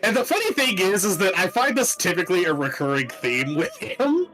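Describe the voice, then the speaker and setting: A man's voice: sits high, big pitch swings, a little fast, music in the background, poor audio. A man who runs a tabletop game, chatting casually in a rambling, exasperated way and swearing often. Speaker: dungeon master. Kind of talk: casual chat recapping a game. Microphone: home microphone, peaking when loud.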